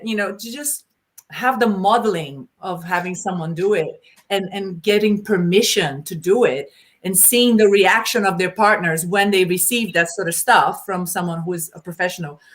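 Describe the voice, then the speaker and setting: A middle-aged woman, a BDSM educator, talking in an informal Q&A, telling stories animatedly and acting out quotes with laughter. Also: fairly low pitch. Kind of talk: informal Q&A discussion.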